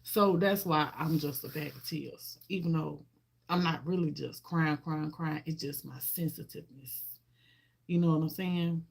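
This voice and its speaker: Low, unhurried and gravelly with a slight roughness, this woman's voice carries a casual livestream chat. As a vlogger she greets viewers by name and talks with heartfelt emotion, repeating herself often.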